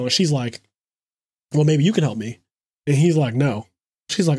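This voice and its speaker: A man co-hosting a podcast, retelling scenes in a casual, animated way with quick asides. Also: a little high, breathy edge, no echo, clean studio sound. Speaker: podcast co-host. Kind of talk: casual chat.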